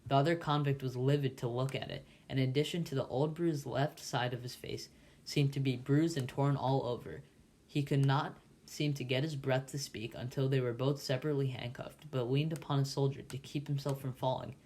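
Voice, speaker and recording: A man reads a classic novel aloud as a volunteer narrator, at a plain middle pitch. He trips over words often and restarts them before moving on. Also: fairly even intonation, brisk, darkish tone. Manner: frequent stumbles and restarts. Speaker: volunteer reader.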